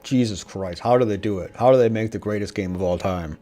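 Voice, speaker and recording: A man doing let's play commentary, excitable, swearing often and reading game text aloud. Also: lowish voice, fairly quick, faint music behind. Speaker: gaming streamer.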